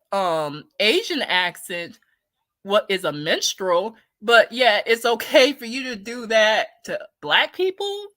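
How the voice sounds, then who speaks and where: A woman talks straight into the mic in a blunt, indignant commentary style, swearing freely as she works through the story and reads viewer comments aloud. Her tone is bright and forward, and the sound is dry and close with no room around it. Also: a little high, no echo. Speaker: commentary host. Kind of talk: casual opinion commentary.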